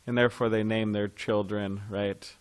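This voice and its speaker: A man with a slightly low voice leads a devotional scripture class in a temple. He talks loosely and conversationally, pausing to ask his listeners questions. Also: level tone, clear, resonant tone.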